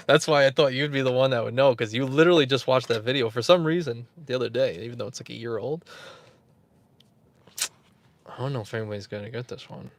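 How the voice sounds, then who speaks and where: A man's voice: mid-range voice, a little fast, pauses often, no room sound. A man hosting a casual livestream, rambling, chuckling and answering viewers in the chat. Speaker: YouTube host.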